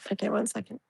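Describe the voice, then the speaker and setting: A woman's voice: mid-range voice, creaky, a little mellow, slightly rough, no room sound. A woman hosting a live tarot reading, chatting casually and leaning on "like" and "you know", with a soothing tone toward the viewer.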